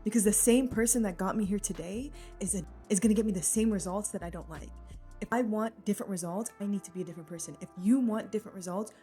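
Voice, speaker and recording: A woman's voice: medium pitch, fast talker, mellow, faint music behind. A woman vlogger giving an earnest, encouraging motivational talk straight to the viewer, casual, with many "like" fillers. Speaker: lifestyle vlogger.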